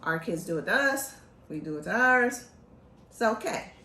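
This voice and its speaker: A woman from Philadelphia hosting a casual show, talking in an animated, joking, chatty way. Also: medium pitch, moderate pace, reverberant, a little hiss or hum. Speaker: host. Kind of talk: casual chat.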